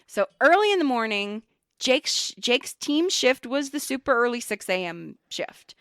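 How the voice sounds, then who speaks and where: A woman with a somewhat high voice that swoops up and down as she spins a blunt, foul-mouthed story from work. She talks in a loose, chatty way. The sound is close and dry, with no room echo. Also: measured pace. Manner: animated, blunt and profane. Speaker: podcast co-host. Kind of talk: casual storytelling chat.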